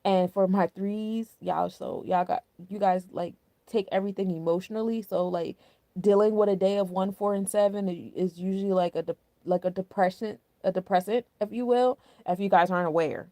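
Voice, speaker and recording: Gravelly, mellow-voiced young woman chatting. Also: mid-range voice, fairly even intonation, moderate pace, no room sound. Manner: chatty and candid, with loose slang and frequent "like". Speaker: astrology and numerology host. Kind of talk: casual spiritual forecast talk.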